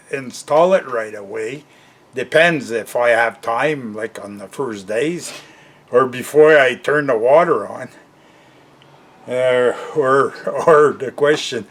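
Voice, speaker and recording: A man's voice: medium pitch, fairly bright tone. An older Canadian man talking in a casual, rambling vlog monologue, chuckling often and tagging his sentences with "eh?". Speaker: vlogger.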